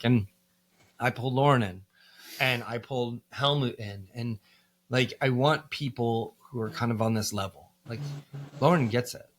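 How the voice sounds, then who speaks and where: An American man, a band musician, telling stories in a casual podcast interview, candid and profane, with plenty of fillers. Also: mid-range voice. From United States.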